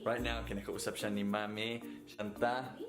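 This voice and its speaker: A man's voice: lowish voice, little pitch movement, moderate pace, over loud music. A man casually vlogging about his baby son, playful and switching between Filipino and English. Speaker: vlogger, father. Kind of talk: casual family vlog chat.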